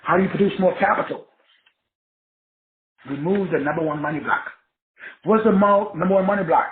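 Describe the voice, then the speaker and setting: A high-pitched man talks fairly quickly as a preachy self-help teacher, spelling words out letter by letter and emphatically repeating answers to his own questions. There's a little hiss or hum, and the recording sounds tinny and phone-like in an echoey room.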